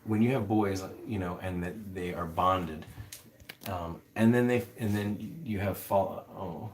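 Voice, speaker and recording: A man's voice: low-pitched, measured pace, a little hiss or hum. A man hosting a casual livestream, rambling with many fillers as he answers viewer comments. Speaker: livestream host.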